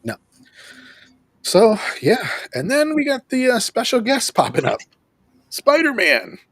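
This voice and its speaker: A man hosting a show, casually recapping an episode in an animated way, acting out lines and laughing often. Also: extremely high pitch, unhurried, no room sound. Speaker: host of a show reviewing an episode.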